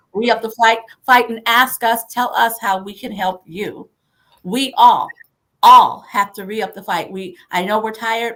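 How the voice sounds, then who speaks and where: A woman speaking over a video call in an emphatic, rallying voice, driving home the same phrases again and again. Her pitch sits in a middle range for a woman, and she talks like a host who is pressing her audience to act. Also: fairly bright tone. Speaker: party chair hosting a livestream. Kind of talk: rallying political talk.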